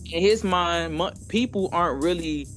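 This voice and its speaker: A man's voice: high-pitched, normal speed, a bit bright, soft background music. Profane, slangy male podcast co-host. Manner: loose, profane storytelling with slang. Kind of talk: casual chat.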